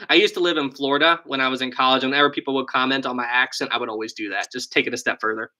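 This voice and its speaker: A man's voice: medium pitch, steady tone, fast talker, pushed and bright. A young man with a West Virginian accent, hosting a casual live stream and chatting through viewer questions. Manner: chatty, reads and answers viewer questions, thinks aloud. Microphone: desk USB microphone.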